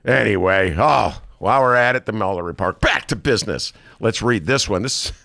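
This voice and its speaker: A man's voice: on the low side, normal speed, creaky, bright, forceful tone, no room sound, studio quality. A man hosting a talk show, riffing sarcastically on the news and reading quotes aloud. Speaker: host. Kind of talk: comedic political monologue.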